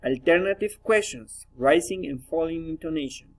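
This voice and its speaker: A man reading word pairs and practice sentences aloud for a pronunciation exercise, carefully and deliberately. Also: fairly high pitch, poor audio. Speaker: language student.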